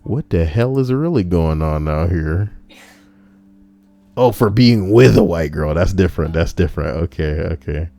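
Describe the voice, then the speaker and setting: Young male livestream host with a low voice, loose and profane, riffs on chat messages. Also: lively intonation, measured pace, mellow, no echo. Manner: profane, rambling, laughs at his own stories. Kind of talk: casual reaction stream chat.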